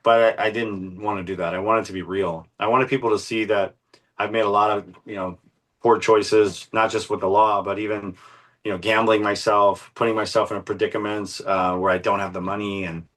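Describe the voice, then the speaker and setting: A man's voice: on the low side, normal speed. A middle-aged man, an interview guest, telling a story in a casual, passionate way, with plenty of swearing and fillers. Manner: profane, passionate, animated retelling with frequent fillers.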